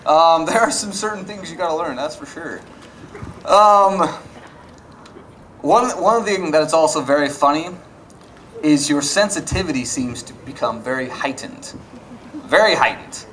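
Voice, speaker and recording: A man's voice: fairly high pitch, expressive, a little slow, long pauses, fairly bright tone, slight background noise, poor audio. A young man doing a stand-up comedy set, acting out both sides of arguments with his wife. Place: comedy club stage. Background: audience laughter.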